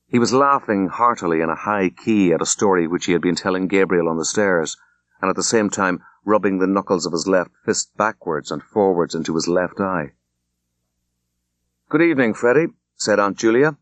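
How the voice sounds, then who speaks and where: A man reading a classic story aloud as an audiobook, in an unhurried, measured narration. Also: low voice, dry recording. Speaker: audiobook reader. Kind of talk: scripted narration.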